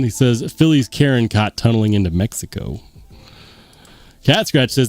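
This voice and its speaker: A man hosting a casual livestream, reading viewer comments aloud and chatting as he goes. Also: mid-range voice. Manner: lively, chatty, muses aloud. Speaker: host.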